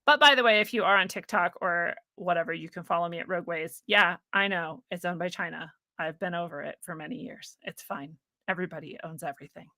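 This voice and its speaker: A woman talking casually to camera, blunt, profane and animated. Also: fairly low pitch, a little fast, hardly any pauses, dry recording, studio quality. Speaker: video blogger. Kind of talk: casual ranting talk to camera.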